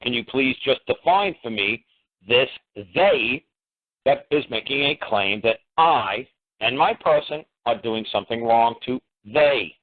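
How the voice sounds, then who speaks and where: A man's voice: mid-range voice, animated, unhurried. A man on a call-in radio show, his voice thin and tinny as if coming down a phone line. He talks in a mid-range voice and hammers away with repeated, heated rhetorical questions. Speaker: radio talk show host. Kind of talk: emphatic call-in radio talk.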